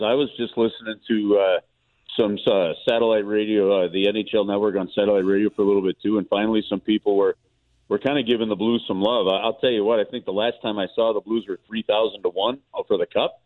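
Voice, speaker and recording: A man's voice: fairly low pitch, quick pace. A man, a guest sports broadcaster, chatting casually on the radio by phone and telling a rambling story with lots of restarts. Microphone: phone call. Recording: tinny phone line.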